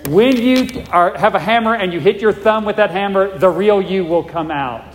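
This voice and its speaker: High-pitched guy preaching in a church, keeps asking "all right?", big echoey hall. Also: normal speed. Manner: emphatic, repeats points, checks in with "all right?". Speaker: pastor. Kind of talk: sermon. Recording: long reverb of a large hall.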